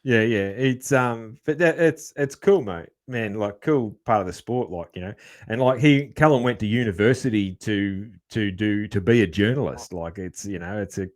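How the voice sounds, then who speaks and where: A man's voice: fairly low pitch, moderate pace, a little mellow. A man hosting a casual podcast, easygoing and full of fillers like man and mate. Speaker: podcast host.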